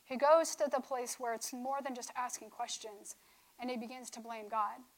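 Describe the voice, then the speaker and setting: A woman's voice: on the high side, steady tone, moderate pace, rough recording. A woman teaching from scripture in a conversational sermon style, often checking in with "right?". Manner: conversational, keeps asking "right?". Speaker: speaker on faith.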